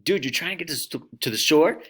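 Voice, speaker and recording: A man imitating a laid-back young male surfer, drawling surfer slang in a raised, louder voice. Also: deep voice, measured pace, background noise.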